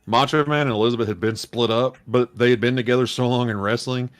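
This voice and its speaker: Brief: male podcast host, mid-pitched, rambling casual storyteller, dry close sound. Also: fairly even intonation, quick pace, dry recording, faint music behind. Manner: rambling, self-correcting. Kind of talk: casual chat, reading aloud.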